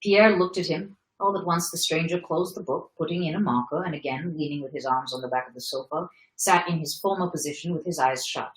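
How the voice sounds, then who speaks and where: A woman reading a novel aloud in a calm, measured manner. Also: low-pitched. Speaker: reader. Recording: roomy echo.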